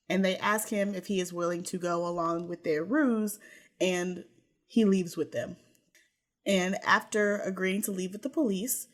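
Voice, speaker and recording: A woman narrates a true crime case for her podcast. She tells it in a lively way, dropping in playful asides. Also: medium pitch. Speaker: podcast co-host.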